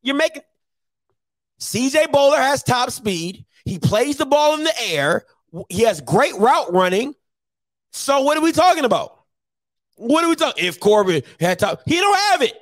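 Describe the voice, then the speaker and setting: A man with a strikingly high voice that swings widely up and down argues football on a sports talk show. He is insistent and combative, repeating himself for emphasis. The sound is dry and close, with no room around it. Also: very animated, normal speed, dry recording. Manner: argumentative, insistent, repeats points. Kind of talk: heated sports debate.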